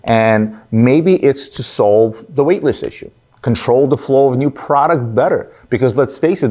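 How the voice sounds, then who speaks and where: A man's voice: mid-range voice, a little mellow. Man hosting opinionated watch news talk. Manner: conversational, asks rhetorical "right?", some fillers. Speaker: host of a watch news show.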